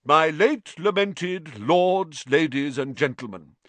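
A man's voice: a little high, expressive, slow, fairly bright tone, no room sound, voice pushed up. A man voicing a stiff, easily offended aristocratic ghost with a formal, dignified manner.

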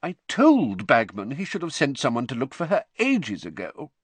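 A man's voice: medium pitch, huge pitch swings, normal speed, slightly rough, no echo, voice pushed up. A man doing a weary, irritable father. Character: exhausted middle-aged father, ministry worker.

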